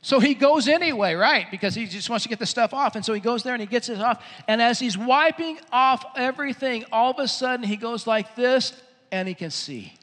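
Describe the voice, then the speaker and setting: A male pastor preaching a sermon, telling a Bible story in an animated way and acting out its scenes. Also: extremely high pitch, brisk. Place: church. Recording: echoey hall.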